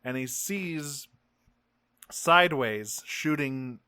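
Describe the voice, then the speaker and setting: A man's voice: medium pitch, clear, resonant tone, no room sound, clean studio sound. A man co-hosting a podcast, recapping a cartoon episode in casual profane chat and acting out the characters' lines. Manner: profane, animated, acts out characters in quick voices. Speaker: podcast co-host.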